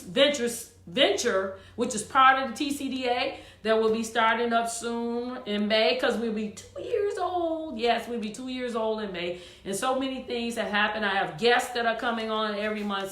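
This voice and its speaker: A woman's voice: fairly high pitch, a bit bright, roomy sound. A woman choir director hosting her show, talking casually and encouragingly to viewers, with frequent fillers.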